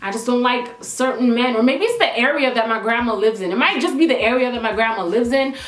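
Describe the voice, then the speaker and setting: A young woman from Toronto, a vlogger, telling a story casually to the camera in an animated, emphatic way with frequent asides. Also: a little high, a little fast. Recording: echoey room, faint music.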